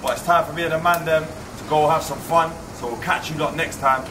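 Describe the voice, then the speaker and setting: A man's voice: a little high, steady tone, a little fast, distant mic. A young man, bantering casually as a vlogger, cheeky and full of swearing and jokes. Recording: noisy background.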